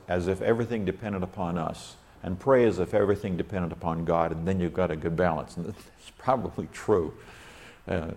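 Deep voiced guy teaching bible study, slow and scholarly, goes into hebrew grammar. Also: a little mellow.

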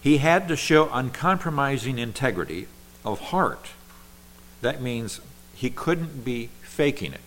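A man preaching a sermon and explaining Bible verses, with emphatic stresses and slow, drawn-out key words. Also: fairly low pitch, a little hiss or hum, poor audio.

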